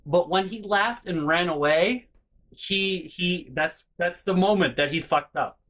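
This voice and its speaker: A man vlogging a personal story in an animated way, swinging between hushed and loud and swearing freely. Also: high voice, unhurried, poor audio. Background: faint background music.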